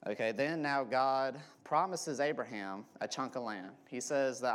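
Male preacher, sermon delivery at mid pitch, restates key lines, asks "okay?" often. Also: unhurried, fairly bright tone.

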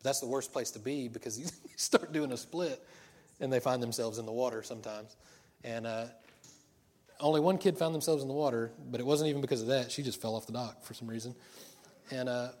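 A man's voice: medium pitch, a little fast, a little mellow. A middle-aged man preaching a sermon in a chatty, joking way, laughing often. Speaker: pastor.

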